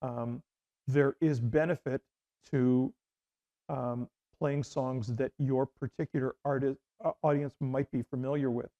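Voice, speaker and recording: A man's voice: mid-range voice, steady tone, unhurried, mellow, highs cut off. A middle-aged man from Canada, a former radio host, telling rambling anecdotes in an interview with many restarts and fillers. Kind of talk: casual interview storytelling.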